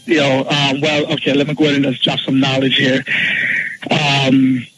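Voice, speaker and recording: A man's voice: medium pitch, monotone, moderate pace, heavy background noise. A man calling into a radio show and lecturing with confidence. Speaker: caller. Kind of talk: casual call-in talk.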